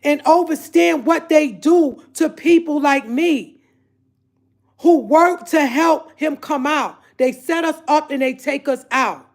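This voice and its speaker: A woman's voice: sits high, slow. A woman vlogger talking straight to her viewers in an emotional, exasperated rant, repeating herself and calling them y'all. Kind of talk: emotional direct-to-camera rant.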